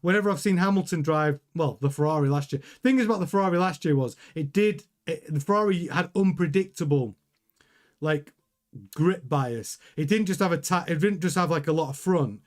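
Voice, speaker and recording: Guy hosting a livestream, kinda high voice, rambly chatty commentary, keeps restarting sentences. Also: brisk. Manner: chatty, rambling, self-interrupting. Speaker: livestream host reading chat. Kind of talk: casual commentary watchalong.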